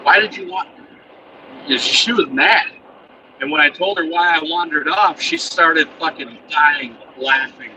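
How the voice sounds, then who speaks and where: A man's voice: on the high side, moderate pace. A man telling a rambling, profane story in a casual chatty way, chuckling now and then, from inside a truck cab. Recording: distant mic with loud vehicle noise.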